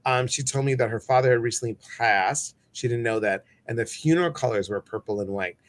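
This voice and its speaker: A man's voice: mid-range voice, brisk. A man hosting a live stream, chatting casually, greeting viewers and reading their comments, with many fillers. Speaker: host.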